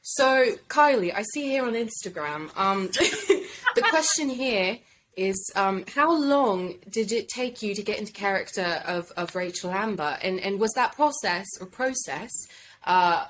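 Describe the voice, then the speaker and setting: A woman putting on a mock British accent to imitate a male podcast host, giggling and halting through it. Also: mid-range voice, animated, a bit bright, slight background noise, pitched above the performer's own voice, rough recording. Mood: playful mockery.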